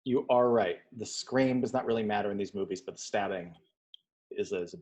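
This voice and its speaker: A man co-hosting a casual movie discussion, animated and prone to side stories. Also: lowish voice, moderate pace. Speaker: podcast co-host.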